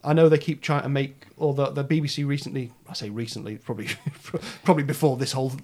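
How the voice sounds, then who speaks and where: A man's voice: medium pitch, fairly even intonation, fast, mellow. A man hosting a casual chat, wry and self-deprecating, often trailing off with a laugh. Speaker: podcast host.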